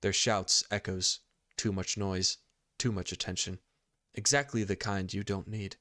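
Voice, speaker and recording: A man's voice: low voice, fairly even intonation, a little slow, sharp tone, no echo, studio quality. A man running a tabletop game as game master, reading scene narration and often stopping to correct himself. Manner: laughs easily, stumbles and corrects himself while reading. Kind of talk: reading tabletop narration and playing side characters.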